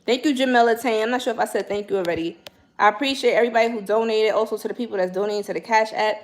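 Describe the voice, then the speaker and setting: A young woman, hosting a casual livestream and chatting in slangy, animated talk straight to her viewers. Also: a little high, rapid-fire. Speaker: spiritual livestream host.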